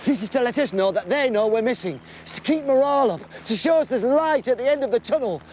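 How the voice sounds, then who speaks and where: A man's voice: very high-pitched, animated, fast talker, darkish tone, a little hiss or hum. A man playing an earnest, placating team captain. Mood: eager. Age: middle-aged. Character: earnest anxious middle-aged team captain Neville. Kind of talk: stage play.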